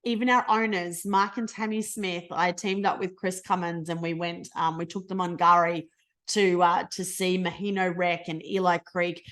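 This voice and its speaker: A middle-aged woman with an Australian accent, leading a motivational team call in a bubbly, effusive, casual way, swinging between fast and slow. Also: lowish voice, little pitch movement, a bit bright. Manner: speeds up and slows down a lot. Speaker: team leader presenting a business call.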